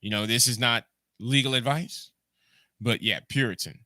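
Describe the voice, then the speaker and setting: A man's voice: medium pitch, normal speed, sharp tone, no echo. A man with a Jamaican accent hosting a livestream, rambling through ideas, repeating words and answering his chat. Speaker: podcast host. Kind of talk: casual livestream commentary.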